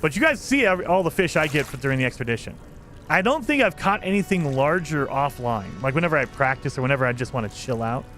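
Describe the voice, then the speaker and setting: A man's voice: medium pitch, expressive, quick pace, a bit bright, faint music behind. A man streaming a game live, chatting with his viewers and laughing often as he plays. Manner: chatty, laughs often, talks to chat while playing. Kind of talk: casual live-stream chat.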